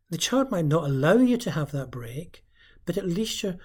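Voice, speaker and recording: Mellow-voiced man giving hesitant advice. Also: fairly high pitch, big pitch swings, moderate pace, husky. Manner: hesitant, frequent "um" fillers; earnest, coaching tone. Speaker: parenting advice speaker. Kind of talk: informal advice talk.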